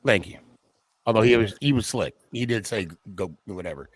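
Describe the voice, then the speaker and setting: A man's voice: lowish voice, moderate pace, breathy edge, no echo. Laid-back man hosting a podcast. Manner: laid-back, slangy, thanks guests warmly. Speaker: podcast host. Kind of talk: casual call-in chat.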